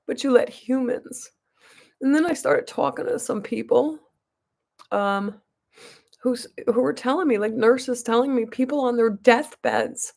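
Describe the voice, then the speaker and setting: A woman vlogger chats straight to her viewers, her voice carrying a gravelly creak. She rambles through a long story with plenty of restarts, and she stresses her points emphatically. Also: a little high, measured pace, a little mellow. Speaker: beauty vlogger.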